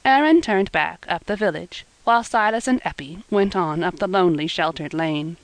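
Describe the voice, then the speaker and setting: A woman narrating a classic novel in a measured, even storytelling manner. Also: lowish voice, no echo. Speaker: audiobook narrator. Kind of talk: scripted narration.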